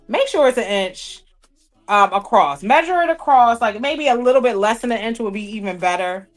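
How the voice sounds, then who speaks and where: A woman's voice: a little high, lively intonation, normal speed, soft background music. A woman hosting a sewing livestream, chatting playfully with viewers and people off camera, with speech. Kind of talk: casual livestream chat while sewing.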